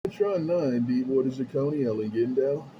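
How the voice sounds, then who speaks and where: A man speaks into a CB mic from his home base station, repeating his call sign and greetings in a sing-song way. The sound is dull and lo-fi, with clear static hiss behind him. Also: mid-range voice, fast talker. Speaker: CB radio operator. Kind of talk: CB radio call-outs. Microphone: CB radio handheld mic.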